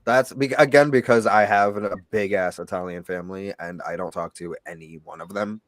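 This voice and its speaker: Man, low voice, dry close sound, sassy, blunt, gossipy, casual chat. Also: fairly even intonation, brisk, dry recording. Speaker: shop owner and host.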